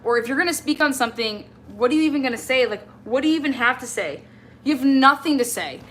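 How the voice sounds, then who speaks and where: On her livestream, a woman talks straight at an absent person, exasperated and confrontational. She speaks fast with lively intonation in a high, slightly bright voice, with a bit of background noise.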